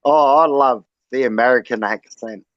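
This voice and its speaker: A man's voice: medium pitch, normal speed, no room sound. An Australian man hosting a casual livestream chat, slangy and conspiratorial in how he talks. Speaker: stream host. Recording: dull lo-fi audio.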